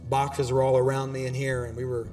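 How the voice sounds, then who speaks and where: Exhorting pastor in an echoing hall. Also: male voice, medium pitch, a little fast, soft background music. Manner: animated, exhorting, with casual asides. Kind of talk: sermon. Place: church auditorium.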